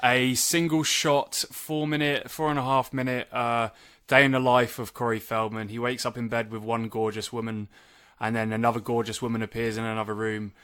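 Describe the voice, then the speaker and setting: A man's voice: medium pitch, little pitch movement, moderate pace, a bit bright, clear, resonant tone. A man co-hosting a podcast in casual chat, telling stories in a dry, wry way. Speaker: podcast co-host.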